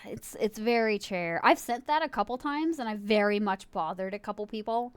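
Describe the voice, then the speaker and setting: A woman's voice: medium pitch, normal speed, smooth, no echo. A woman streaming live, chatting casually and giggling, swearing freely as she talks to her viewers and a friend in chat.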